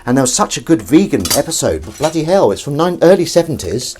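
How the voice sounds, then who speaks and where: A man's voice: on the high side, sing-song, quick pace, darkish tone, a little hiss or hum. A man chatting casually while washing up at home, rambling through film trivia and asides to someone in the room. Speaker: vlogger washing up. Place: home kitchen. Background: clinking dishes and cutlery.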